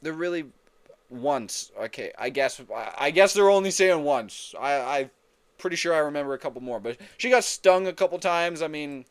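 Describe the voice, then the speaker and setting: A man giving casual fight predictions in a smooth, clear voice that sits a little high. He gets excitable and swears freely, often repeating himself and correcting his own words mid-sentence. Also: normal speed. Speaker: MMA fight predictions host. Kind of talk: casual fight breakdown commentary.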